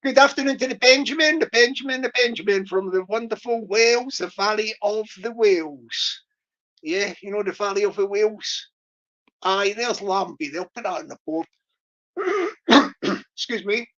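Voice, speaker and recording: A woman's voice: mid-range voice, animated, normal speed, a bit bright, lo-fi sound. A woman hosting a casual livestream, rambling with lots of fillers and restarts. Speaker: livestream host.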